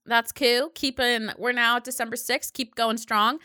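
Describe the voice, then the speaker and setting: A woman in her late twenties co-hosting a chatty podcast. Her voice is bright and a touch high, with a dry, close sound. She swears freely and tells stories with animated energy. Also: moderate pace, no echo. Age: late 20s. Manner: profane, animated storytelling. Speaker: podcast co-host. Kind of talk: casual chat.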